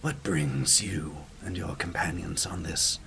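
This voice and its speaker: A man voicing a mysterious male stranger who speaks in a low, ominous, half-whispered voice. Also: steady tone, unhurried, creaky, bright, forceful tone, a little hiss or hum, exaggerated voice. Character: mysterious male stranger on a bridge, hat brim dripping.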